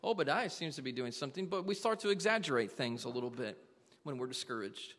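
A man's voice: medium pitch, animated, fast talker, a bit bright, big-room sound. A man preaching a sermon to a congregation, earnestly asking them question after question. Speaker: pastor.

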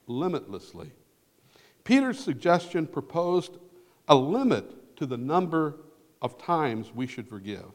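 Male pastor, sermon delivery, lively pitch swings, long hall reverb. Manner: earnest preaching, swells loud then drops to near whisper.

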